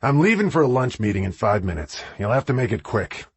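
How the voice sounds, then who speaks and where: A man's voice: mid-range voice, very animated, brisk, breathy edge, dry recording, voice pushed up. A man voicing a defensive, sleazy boss in an audiobook, speaking curtly and evasively. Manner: curt and evasive. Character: defensive, sleazy middle-aged male boss.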